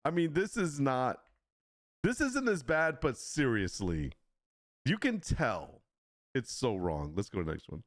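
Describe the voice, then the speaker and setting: A man's voice: mid-range voice, big pitch swings, unhurried, no echo, clean studio sound. A man hosting a casual livestream, laughing often and reacting in disbelief as he reads. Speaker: livestream host.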